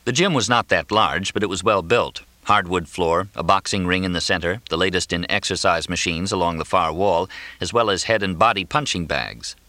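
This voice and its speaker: A man reading a novel aloud as an audiobook narrator in measured, even storytelling. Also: sits low, no room sound. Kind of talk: scripted narration.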